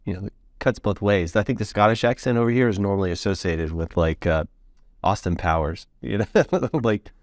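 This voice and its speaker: A man's voice: fairly low pitch, normal speed, no room sound, clean studio sound. An American man hosting a podcast interview, chatting in an easygoing, joking way with lots of fillers. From United States. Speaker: podcast host. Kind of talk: casual interview chat.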